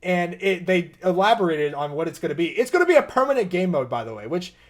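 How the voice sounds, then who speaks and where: This young male podcast co-host talks fast in a high voice. Swapping stories in a relaxed, laughter-filled conversation, he tells them with lively energy and frequent laughs.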